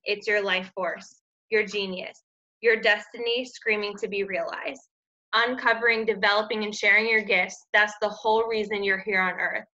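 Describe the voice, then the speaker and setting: Bright-voiced woman giving an upbeat pep talk. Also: medium pitch. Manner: earnest, upbeat, faith-based encouragement. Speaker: team coach. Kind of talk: motivational team talk. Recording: dull lo-fi audio.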